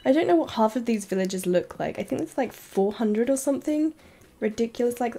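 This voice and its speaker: Woman game streamer, casual and giggly, bright-pitched, given to excited squeals. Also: a little fast, soft background music. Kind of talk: casual live-stream chat while playing.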